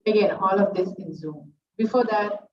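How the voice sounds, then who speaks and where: A middle-aged woman, a dance teacher giving an earnest, halting speech at her student's recital. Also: medium pitch, noisy background. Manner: earnest, halting, with many fillers. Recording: roomy, distant, dull sound.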